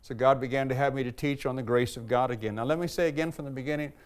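A man's voice: medium pitch, fairly even intonation, clean tone. Earnest male pastor preaching a sermon. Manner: earnest, emphatic preaching, slows and lifts voice when reading aloud.

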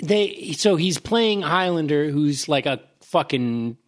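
Slightly high man in loose chat. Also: animated, slow. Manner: casual, swearing, laughing. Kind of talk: casual movie review chat.

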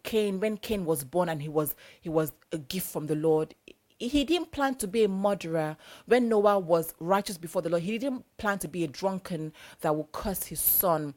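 A woman's voice: mid-range voice, lively intonation, moderate pace, darkish tone. A young adult woman preacher giving a sermon in a conversational, emphatic, repetitive way.

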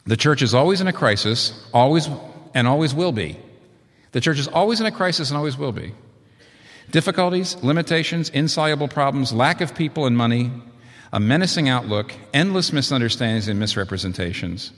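A man preaching a sermon in a lively, conversational way, with asides and fillers. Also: medium pitch, brisk, long reverb tail.

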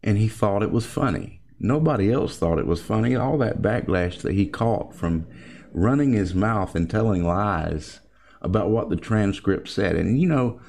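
A man's voice: lowish voice, lively intonation, moderate pace, creaky, darkish tone, a little hiss or hum. A man delivering an opinionated political commentary monologue, speaking emphatically and calling his listeners folks.

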